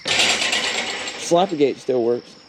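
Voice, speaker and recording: DIY vlogger, chatty and rambling, animated voice, outdoor noise behind him. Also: male voice, medium pitch, extremely slow. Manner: rambling and joking, given to side rants. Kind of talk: casual workshop chat. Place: outdoors at a backyard project.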